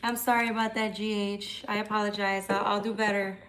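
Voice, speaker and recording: A woman's voice: mid-range voice, level tone, a little fast, a bit bright, slight background noise. A young woman hosting a tarot livestream, chatting casually and answering comments, with some swearing.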